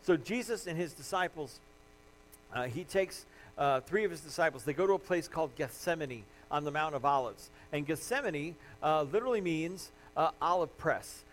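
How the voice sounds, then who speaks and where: A male pastor delivering a sermon in a fairly high voice. He talks earnestly, pressing his points with growing passion. A faint hum sits under the recording. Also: animated, moderate pace, rough recording. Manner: earnest, builds to impassioned emphasis.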